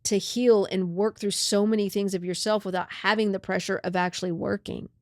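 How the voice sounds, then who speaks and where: This woman's mid-range voice runs a little fast, recorded with studio quality and no echo. She hosts a podcast, animatedly telling a story in casual chat and often saying "right?" and "like".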